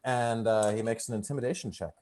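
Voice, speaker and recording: A man's voice: mid-range voice, fairly even intonation, fast, darkish tone. A man narrating as game master in a loose, rambling way with lots of fillers.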